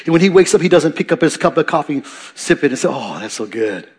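Male pastor mid-sermon; conversational, self-correcting, swells loud then drops quiet. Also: fairly high pitch, fast, husky. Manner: dynamic preaching, rising for emphasis and dropping soft.

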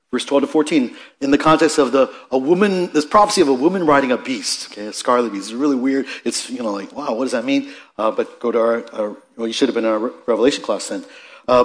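Man teaching a Bible study. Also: mid-range voice.

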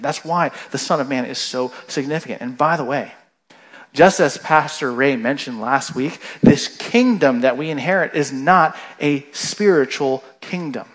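A male pastor giving a sermon in a relaxed, conversational manner. His voice sits a little high, and he keeps checking in with the congregation as he goes.

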